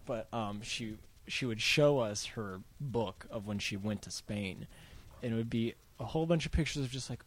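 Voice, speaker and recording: A man's voice: fairly low pitch, moderate pace. A man from Ohio chatting casually as a podcast co-host, telling rambling stories and laughing through them. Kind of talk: casual chat.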